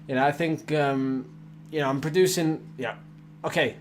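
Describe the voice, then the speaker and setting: A man's voice: on the high side, fairly even intonation, normal speed, a little hiss or hum. A man in his twenties chatting casually with viewers on a cycling live stream, rambling with fillers and restarts, tired after a hard effort. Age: 20s. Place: home indoor training room.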